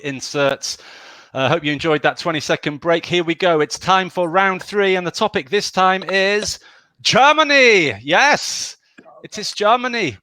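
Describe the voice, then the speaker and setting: A man hosting a live online pun contest, chatty and quick to laugh. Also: fairly high pitch, bright, forceful tone, no echo. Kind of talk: casual live-show hosting.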